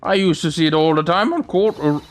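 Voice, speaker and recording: A man's voice: on the high side, fairly quick, natural voice. A man voicing an old man who talks in an old-fashioned way, calling people my dear and me boy, over faint game music. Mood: earnest.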